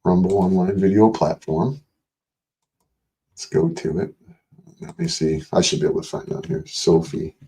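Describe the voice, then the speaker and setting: An older man chats loosely on his own livestream, his fairly low voice rambling between jokes and curses. He reads viewer messages aloud and answers them in a casual, off-the-cuff way. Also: normal speed, pauses often, warm tone. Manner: rambling, profane, jokey, reads out chat. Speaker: livestream host.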